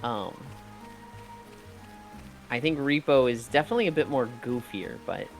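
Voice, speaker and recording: A man's voice: mid-range voice, lively intonation, normal speed, faint music behind. A man chatting casually while playing a game, telling rambling stories and acting out his friends' lines. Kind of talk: casual gaming chat.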